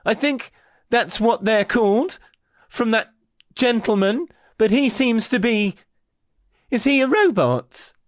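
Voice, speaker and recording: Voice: medium pitch, animated, slow pace, pauses often, dry recording, clean studio sound. A player voicing a polite, overly chatty man who overwhelms people with questions and keeps apologizing. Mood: apologetic. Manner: apologetic, rambling, fussy.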